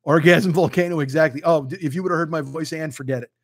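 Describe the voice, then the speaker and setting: A host in his fifties, a fast talker pitched slightly higher than most men, rambles through a casual livestream chat with viewers from a home studio with a green screen. He swears freely and pokes fun at himself. The audio is dry and close, with no echo and almost no room in it.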